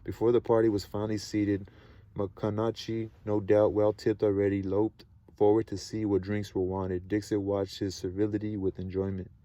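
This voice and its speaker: A man's voice: on the low side, level tone, warm tone, muffled recording. A man reading a novel aloud at home, stumbling over words and stopping for chatty asides. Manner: halting reading with restarts and stumbles; chatty asides between passages. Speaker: amateur reader. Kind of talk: casual read-aloud of a novel.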